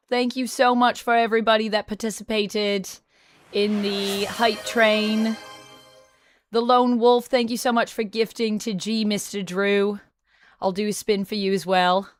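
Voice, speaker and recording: A young woman streams and chats with viewers, working hard at an Australian accent as she thanks them one by one. She talks at an unhurried pace, her voice smooth and resonant. The sound is dry and close. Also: medium pitch, dry recording. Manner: attempting a put-on Australian accent; warm, earnest thanks to viewers. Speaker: live streamer. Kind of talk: casual live-stream chat.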